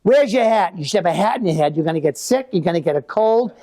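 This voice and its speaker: A man's voice: sits high, expressive, moderate pace, darkish tone. A man voicing his own elderly mother, a bossy and fretful old woman, scolding and fussing. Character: bossy old Boston mother, nagging and fussy.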